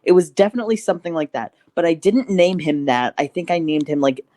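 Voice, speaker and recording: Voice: mid-range voice, lively intonation, fast, mellow, no echo. Podcast guest, casual chat, laughs often, dry close sound.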